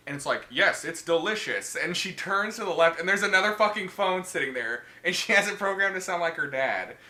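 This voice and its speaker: A man co-hosting a podcast, telling horror movie plots in casual, profane, animated chat. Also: high voice, brisk. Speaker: podcast co-host. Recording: echoey room with faint noise.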